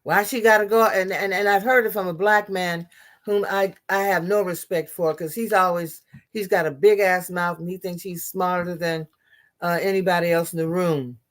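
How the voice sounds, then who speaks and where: A woman's voice: fairly low pitch, fairly even intonation, moderate pace. Blunt, impassioned woman commentator. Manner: emphatic, blunt, profane, with many restarts. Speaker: political commentator.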